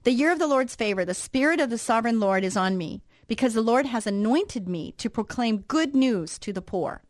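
A woman radio host telling a story in a lively, casual way, acting out the reactions she quotes, then moving into a devotional talk. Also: on the high side, fairly quick, no echo, studio quality.

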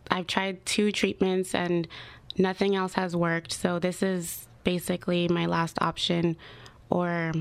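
Flat-voiced young woman, radio guest. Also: on the low side, clean tone, no echo. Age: 20s. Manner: hesitant, many fillers. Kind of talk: radio interview.

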